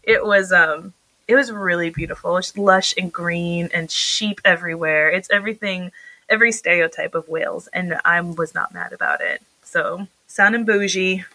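A woman in her thirties chats on a podcast with a bright, ringing voice. She tells stories with animated energy, her pitch jumping up as she laughs. The sound is dry and close. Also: normal speed, no room sound, poor audio. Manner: animated, laughing storyteller with lively jumps in pitch. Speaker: podcast co-host. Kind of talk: casual chat.

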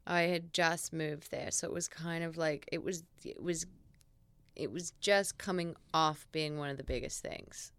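A woman's voice: deep voice, steady tone, a little slow, a bit bright, smooth, no echo. A young woman with an Australian accent, chatting as a guest in an interview, full of "like" fillers and restarts. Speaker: guest actress. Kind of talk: casual interview chat.

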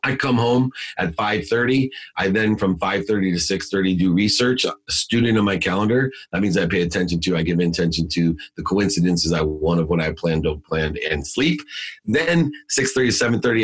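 A middle-aged man with a low voice, appearing as a guest speaker, tells a motivational story. His delivery is emphatic and preachy, repeating key words.

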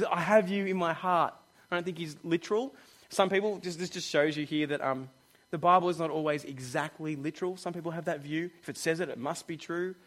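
A middle-aged man preaches to his church in a lively, joking way. His voice sits noticeably high for a man, and he slips into quick acted-out exchanges to make his points. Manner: lively, joking, acts out dialogue. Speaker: pastor. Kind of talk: sermon.

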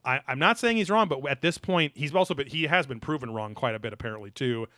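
A man's voice: medium pitch, fast, sharp tone, no echo, studio quality. A man co-hosting a podcast, rambling in casual chat with many fillers and loose asides. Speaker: podcast co-host.

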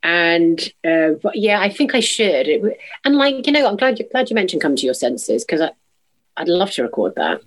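A woman's voice: lowish voice, sing-song, normal speed. A woman in her thirties, a musical theatre actress chatting as a guest and bubbly, acting out quotes in funny voices. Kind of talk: casual interview chat.

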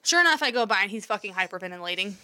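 A woman's voice: mid-range voice, expressive, rapid-fire, sharp tone, clean tone. A woman in her thirties, a mother, candidly telling a story in casual chat, swearing now and then and laughing along the way.

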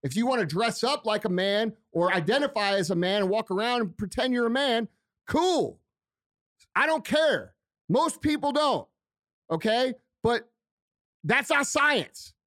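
A man's voice: very high voice, lively intonation, measured pace, fairly bright tone, no echo, studio quality. A man delivering a heated, profane rant on his own show, hammering his points by repeating them. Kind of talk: angry ranting monologue.

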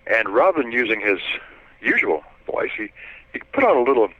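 A man's voice: mid-range voice, fairly quick, phone-quality sound. An older man, telling stories as a retired editor in a chatty, anecdotal way with frequent chuckles. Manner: chatty anecdotal, with lively quoted voices and chuckles. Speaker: interviewee, retired trade editor. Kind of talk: casual storytelling.

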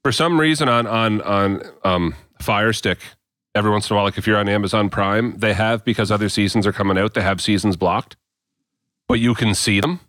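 A man's voice: fairly low pitch, brisk, dry recording. Canadian man, dry close sound, storytelling. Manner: animated storyteller, laughs often. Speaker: podcast co-host. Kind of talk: casual chat among friends.

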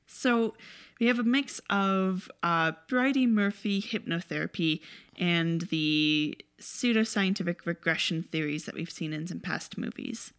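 A woman's voice: lowish voice, unhurried, fairly bright tone, smooth. Wry woman recapping a movie. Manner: wry, chatty, sarcastic.

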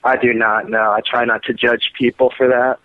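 A man calling in to a podcast, speaking in a low-key, mild-mannered, flat way. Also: a little fast, very noisy. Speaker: caller. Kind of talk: phone-in chat. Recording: tinny phone line.

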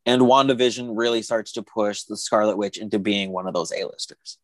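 A man's voice: fairly low pitch, brisk, no echo. Chatty man on a close dry mic. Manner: animated, talks in long runs with quoted asides. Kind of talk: casual chat about TV shows.

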